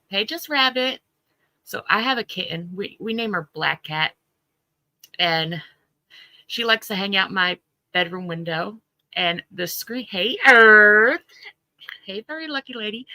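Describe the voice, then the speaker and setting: Woman doing a live chat stream, shouts out viewers, laughs a lot, bright voice, dry close sound. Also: mid-range voice, no room sound, poor audio. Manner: greets viewers by name between stories; chatty, laughs at own stories. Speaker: livestream host. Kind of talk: casual livestream chat.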